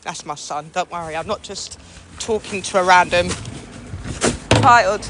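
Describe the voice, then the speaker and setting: A woman's voice: medium pitch, very animated, a little slow, pauses often, noisy background. A middle-aged woman, chatting and gossiping with viewers on a livestream from outdoors, greeting them by name. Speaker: livestream host. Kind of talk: casual chat to viewers. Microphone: phone.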